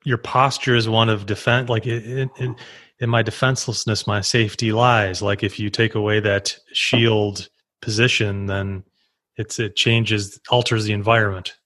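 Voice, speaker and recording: A man hosting a podcast conversation, thinking out loud and restarting his sentences as he goes. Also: on the low side, steady tone, unhurried. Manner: thinks aloud with repeated starts. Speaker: podcast host. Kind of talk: conversational interview.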